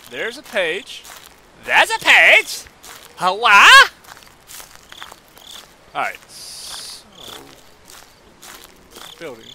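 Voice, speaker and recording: A man's voice: medium pitch, noisy background. Profane man muttering through a horror game. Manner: muttering and swearing to himself while playing. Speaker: gamer. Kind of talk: horror let's play commentary.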